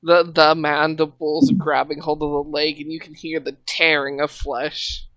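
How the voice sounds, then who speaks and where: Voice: mid-range voice, flat delivery, a little slow, a bit bright, a little hiss or hum. A game master narrating a tabletop horror game in a chatty way with lots of fillers.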